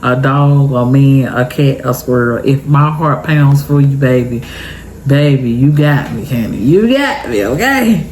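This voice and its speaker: A young adult woman telling an emotional storytime vlog, tearful and expressive, talking straight to her viewers. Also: very deep voice, measured pace, slight background noise. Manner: expressive, heartfelt, chatty, addresses viewers directly. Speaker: vlogger.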